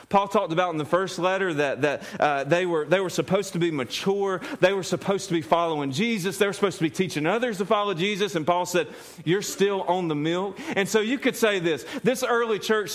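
A pastor delivers a sermon in a high voice for a man. He is animated, often repeats and restarts his words, and laughs as he talks. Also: fairly quick, hardly any pauses.

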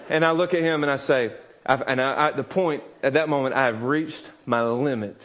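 Male pastor, 30s, slightly high voice; candid, self-mocking sermon storytelling with frequent laughs and kids' voices. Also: a little fast, a bit bright. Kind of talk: sermon with personal stories.

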